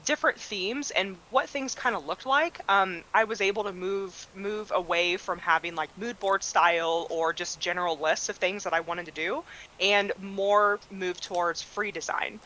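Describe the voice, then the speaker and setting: Female guest, bright clear tone, relaxed, thoughtful and self-deprecating. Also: mid-range voice, normal speed, a little hiss or hum, poor audio. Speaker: guest designer. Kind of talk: casual interview chat.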